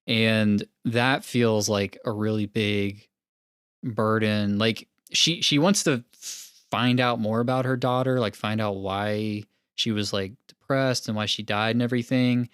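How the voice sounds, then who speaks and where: A man's voice: fairly low pitch, fairly even intonation, unhurried, a bit bright, clear, resonant tone, dry recording, studio quality. A man co-hosting a casual film podcast, talking animatedly with frequent laughs and lots of filler words. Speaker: podcast co-host.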